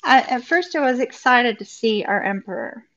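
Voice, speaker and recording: A woman's voice: fairly high pitch, expressive, normal speed, fairly bright tone. A woman giving a live tarot reading to viewers, effusive and upbeat, chatting and laughing often. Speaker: tarot reader. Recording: dull lo-fi recording.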